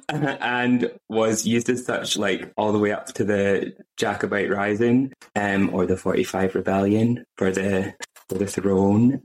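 A man's voice: on the low side, rough recording. A young man with a Scottish accent co-hosting a podcast, chatting casually with lots of fillers and laughs. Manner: rambling, filler-heavy, laughs often. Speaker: podcast co-host. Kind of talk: casual chat.

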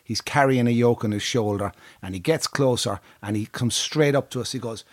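An Irish man hosting a podcast, telling an animated travel story with frequent laughter and swearing. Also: mid-range voice, moderate pace, few pauses. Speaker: podcast co-host.

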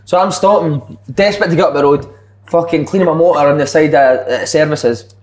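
A man's voice: fairly high pitch, brisk, a little mellow. Sweary scottish guy telling a story. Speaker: podcast co-host. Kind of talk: casual banter.

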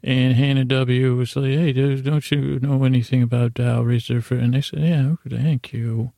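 A man with a gravelly, mellow voice tells a meandering bedtime story, keeping his delivery flat and sleepy. The sound is dry and close, with no room around him. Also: moderate pace, no echo. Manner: low-key, drowsy, meandering. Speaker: podcast host.

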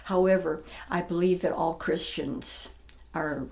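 An older woman in her seventies talks through memories of her stage career in a relaxed interview. Her voice sits on the low side. She is chatty and laughs easily between stories. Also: a little slow, creaky. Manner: chatty and warm, laughs often. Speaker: interviewee, retired stage actress. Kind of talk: casual reminiscing interview.

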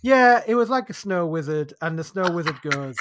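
A man's voice: fairly high pitch, lively intonation, normal speed, a bit bright, no echo. A man with a Northern English accent, chatting casually about a trip, rambling and laughing easily. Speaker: podcast guest. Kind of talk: casual chat.

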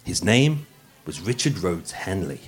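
An Englishman with a Birmingham accent hosts a true-crime podcast live before an audience, speaking in a low, very animated voice at a measured pace. He narrates with self-deprecating jokes and keeps stumbling over words, with faint music behind him.

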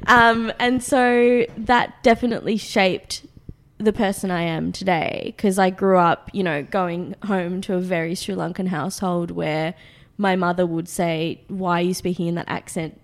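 Speaking a little slowly in a steady, low-leaning tone, this Australian woman in her late twenties is interviewed casually about being a food magazine founder. She laughs lightly and says "um" often.

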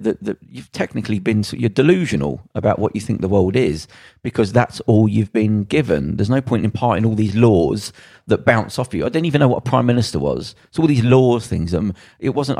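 Gravelly, blunt man. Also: mid-range voice, big pitch swings, fairly quick, a little mellow, no room sound, studio quality. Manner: blunt, sweary, acts out quoted voices. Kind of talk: casual storytelling chat.

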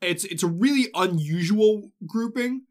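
A man hosting a casual podcast, walking friends through a game's story in a quick, loose retelling. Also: high-pitched, animated. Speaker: host. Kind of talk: casual chat, recapping a game story.

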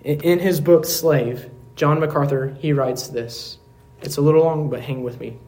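A man pastor preaching a sermon in a church service, earnest, asking rhetorical questions and dropping to quiet emphasis. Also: on the high side, normal speed.

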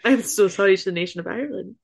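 A woman's voice: medium pitch, creaky, crowd noise. A woman co-hosting a podcast, wry and teasing in casual chat. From Scotland. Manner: wry, teasing, quick with jokes. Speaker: podcast co-host.

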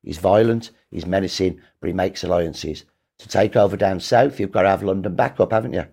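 Husky-voiced man telling history emphatically. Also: low-pitched, a little fast, mellow. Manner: emphatic, storytelling, rises when rebutting. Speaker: historian guest. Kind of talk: interview answers.

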